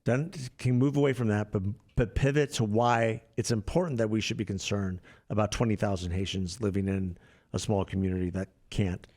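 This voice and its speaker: A man's voice: fairly low pitch, steady tone, a little fast, darkish tone. A man co-hosting a casual political talk show, blunt and emphatic, often repeating words as he starts a point. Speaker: podcast co-host.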